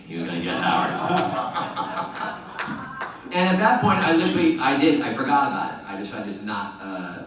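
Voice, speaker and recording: A man's voice: sits low, a little hiss or hum. Man telling a story in a big echoing hall. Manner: animated anecdote-telling with impressions in quotes. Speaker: panel guest actor. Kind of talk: convention panel storytelling. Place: large convention hall. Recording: echoey convention hall, distant mic.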